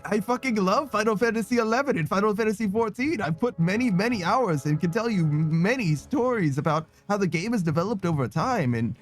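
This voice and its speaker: A man doing a comedic impression of a scheming, flirtatious male dragon streamer persona, with slow, grand, theatrical emphasis. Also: high voice, lively intonation, soft background music. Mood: grandiose.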